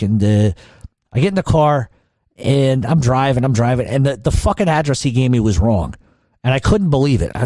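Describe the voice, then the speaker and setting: Speaking at medium pitch in a mellow voice, a middle-aged man tells a long, casual story on a podcast. It's profane and meandering, full of restarted sentences. The audio is studio quality with no echo.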